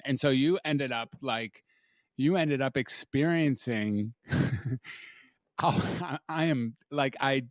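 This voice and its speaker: Halting, thoughtful male podcast host. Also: mid-range voice, no room sound. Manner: thoughtful, halting, repeats words, chuckles. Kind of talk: casual interview chat.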